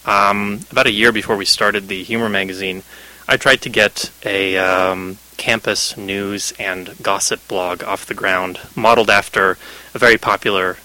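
Bright-voiced young man explaining thoughtfully. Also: on the low side, fairly even intonation, normal speed, low-quality recording. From Canada. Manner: articulate, thoughtful explaining with fillers. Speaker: guest, magazine editor. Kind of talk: radio interview.

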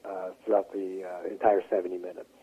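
A man's voice: low voice, flat delivery, fairly quick, slightly rough. A man interviewed as a playwright, talking casually with many fillers and restarts over a phone line. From Western Pennsylvania. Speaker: playwright and actor, interview guest. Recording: tinny phone-line audio.

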